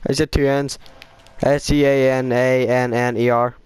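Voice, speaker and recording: A man's voice: medium pitch, little pitch movement, measured pace, darkish tone, smooth. An Irish man chatting casually and teasing friends while playing a game online. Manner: joking, teasing, spells things out. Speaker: gamer in party chat. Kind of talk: casual gaming chat.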